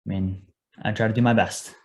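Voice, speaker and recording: A man's voice: on the low side, fairly even intonation, brisk. A young man, a paramedic guest on a podcast, telling his work story in an earnest, casual way and acting out his past lines.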